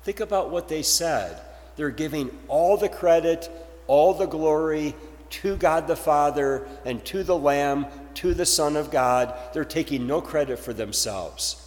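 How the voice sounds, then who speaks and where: A man's voice: fairly high pitch, measured pace, a little mellow, long reverb tail. A male pastor delivering a sermon, posing rhetorical questions to his congregation.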